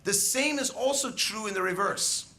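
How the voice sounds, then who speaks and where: A man addresses graduates from a stage in a commencement speech. His voice sits a little high and carries a gravelly rasp. He speaks emphatically, telling stories and putting rhetorical questions to the class. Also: moderate pace, pushed and bright. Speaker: school educator.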